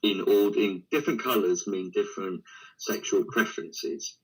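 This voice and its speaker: A man's voice: fairly low pitch, normal speed, breathy edge, low-quality recording. A man guesting on a live call, chatting casually and cutting in with cheeky jokes. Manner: cheeky interrupter, joking.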